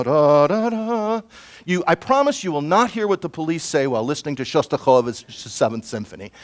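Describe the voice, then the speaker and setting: Man, middle-aged, conference presentation, self-defense instructor, lively conversational lecturing, fairly high voice. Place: conference room.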